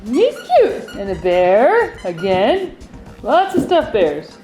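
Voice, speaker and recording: High, lively woman announcing toys. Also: slow pace, low-quality recording. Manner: cheerful, announcing each toy, laughing often. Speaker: family video host. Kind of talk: playful commentary. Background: music.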